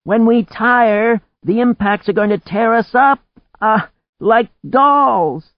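An alarmed woman, as a male narrator puts her on, shouting in a high, strained voice against the storm. Her words come slow and pleading, and the sound is a little muffled and dry. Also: no room sound, heavily acted. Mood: frightened.

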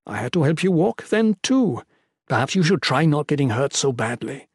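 A man voicing a brisk, practical half-elf woman healer who gives firm, commanding orders. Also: deep voice, very animated, a little mellow, husky, dry recording, clean studio sound, heavily acted. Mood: dry teasing. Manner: firm, commanding, dryly teasing.

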